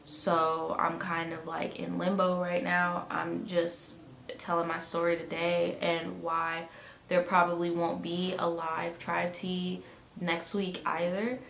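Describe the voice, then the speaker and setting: Speaking slowly in a lowish, creaky voice, a young woman vlogger recounts a storytime from a room at home despite her swollen, aching jaw. She swears a lot and plays both parties in the conversation, quoting the dialogue in an exasperated, animated way. Her camera mic picks up room echo and faint background noise.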